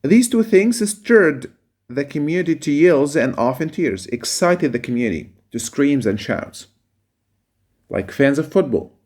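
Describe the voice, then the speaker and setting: A man teaching a reading lesson, reading a passage aloud and explaining its words with pauses and fillers. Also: fairly high pitch, lively intonation, darkish tone.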